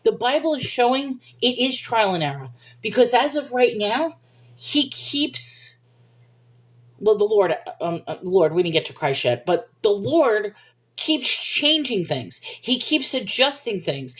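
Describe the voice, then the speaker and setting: A woman's voice: on the high side, sing-song, unhurried, slightly rough. A woman hosting a livestream, answering viewers' questions in a casual, rambling Bible discussion and apologizing for wandering off topic.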